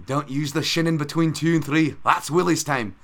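A man putting on a put-on Scottish accent to voice a gruff, hot-tempered cartoon janitor with a loud, growling brogue. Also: a little high, normal speed, voice pushed up. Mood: blustering.

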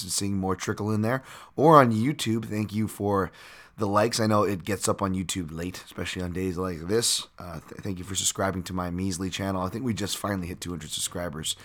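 A man hosting his own podcast with a raspy voice, rambling casually with fillers and self-corrections. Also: low-pitched, a bit bright. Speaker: podcast host.

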